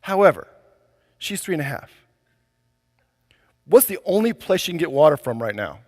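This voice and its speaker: A man voicing a calm, sensible mother who explains things patiently and matter-of-factly. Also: a little high, normal speed. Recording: long hall reverb.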